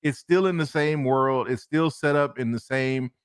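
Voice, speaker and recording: A man co-hosting a casual podcast chat, animated, laughing often and repeating himself for emphasis. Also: medium pitch, normal speed, clear, resonant tone. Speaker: co-host.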